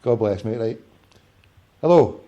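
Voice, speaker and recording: Scottish phone-in host, male, sweary and ranty, mellow dark tone. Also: lowish voice, animated, a little slow, muffled recording. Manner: sweary, ranting, jokey with callers. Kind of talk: casual sports phone-in.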